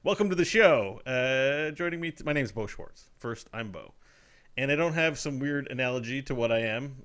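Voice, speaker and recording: A man's voice: mid-range voice, animated, normal speed, fairly bright tone. Joking podcast host man. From Canada. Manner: jokey, laughs often, loose improvised talk. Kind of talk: casual chat.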